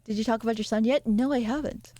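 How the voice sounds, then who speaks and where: A woman streamer chatting casually with her viewers, excitable and giggly, often jumping up into squealy highs. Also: fast talker, no echo. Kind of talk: casual live-stream chat.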